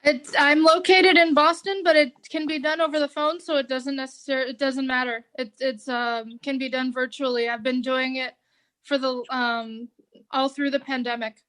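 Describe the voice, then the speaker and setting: A woman's voice: sits high, little pitch movement, moderate pace, a bit bright, poor audio. A woman donating an item, speaking hesitantly with many fillers. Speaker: donor. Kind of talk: casual remarks on a call.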